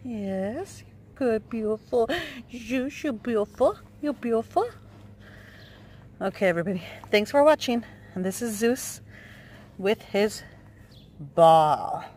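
A woman's voice: fairly high pitch, animated, slow, pauses often, darkish tone, a little hiss or hum. A woman filming her puppy outdoors, coaxing and praising him in a sing-song voice. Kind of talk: casual talk to a dog.

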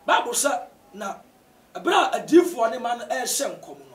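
A man with a Ghanaian accent, a pastor answering interview questions in a preaching style, often rising to shouts for emphasis. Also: extremely high pitch, moderate pace. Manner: animated, bursts into shouts to stress points. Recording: roomy echo, distant from mic.

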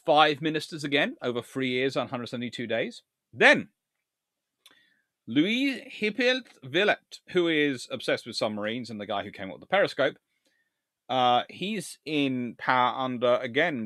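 A man hosting a live-stream history lecture, telling his story in an animated, theatrical way. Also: mid-range voice, no room sound, clean studio sound. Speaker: naval historian host.

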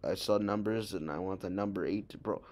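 A man's voice: sits low, a little fast, darkish tone. A young man reacting to a story video in casual chat, rambling and joking, often calling people bro. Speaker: reaction streamer.

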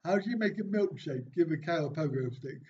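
Hosting a casual live stream, a man reads viewers' jokes and questions from the chat and replies with dry, self-mocking remarks. His voice sits a little high, mellow and brisk, with lively intonation. The stream audio is dull and slightly lo-fi, with a faint hiss underneath.

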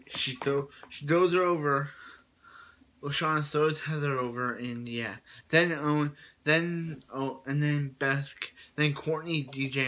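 A man's voice: mid-range voice, pushed and bright. Rambling man recapping an episode. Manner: rambling, many fillers and restarts. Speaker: show reviewer.

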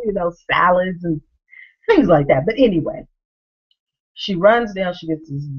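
A woman in her thirties, a vlogger, telling a family story to camera and acting out the people in it with lively swings in her voice. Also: lowish voice, lo-fi sound. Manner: animated, acts out quoted voices.

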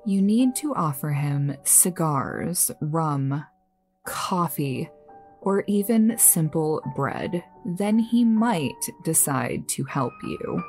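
A woman's voice: low voice, lively intonation, takes it slowly, a little mellow, faint music behind, exaggerated voice. A woman playing a stern, chiding voodoo-wise friend. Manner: chiding, like a disappointed mother. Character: stern young woman versed in voodoo lore. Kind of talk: horror story narration.

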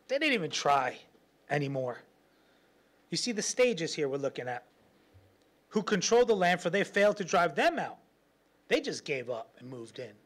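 A man preaching a sermon as pastor, telling stories with lots of laughter and acting out the voices of people in them. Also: high voice. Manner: animated storytelling, laughs often, acts out quotes.

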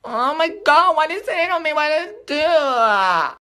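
A young woman in a heated, emotional rant to her followers, shouting and cursing, at times crying. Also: sits high, big pitch swings, moderate pace. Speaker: social media personality.

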